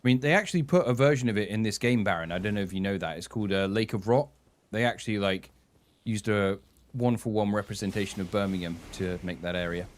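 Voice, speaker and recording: Male streamer, lowish voice, chatty and sweary, reacts loudly to the game. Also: quick pace. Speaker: gaming streamer. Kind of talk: casual live-stream commentary.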